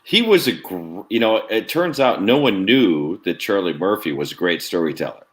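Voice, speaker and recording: A man's voice: low-pitched, expressive, moderate pace. A man in a casual livestream chat, mostly reacting with short replies and laughing along.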